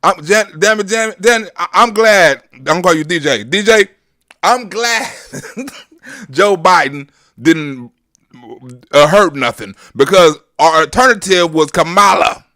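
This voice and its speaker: Loud, mocking, high-voiced man. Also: lively intonation, unhurried. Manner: loud, profane, mocking, laughs a lot. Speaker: host. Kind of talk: comedic reaction commentary.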